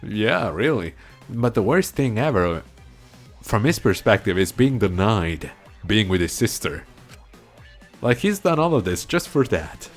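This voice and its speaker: A man's voice: fairly low pitch, sing-song, a little slow, faint music behind. A man casually commenting on a video game as he plays, joking and laughing often. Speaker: let's play host.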